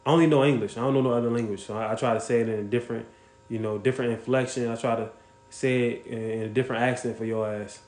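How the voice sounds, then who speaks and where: A man hosts a casual livestream, speaking bluntly and swearing freely as he reacts to viewers and calls them out by name. His voice sits at an ordinary pitch for a man, and the sound carries a roomy echo. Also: fairly even intonation, quick pace. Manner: blunt, profane, shouts out viewers. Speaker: livestream host.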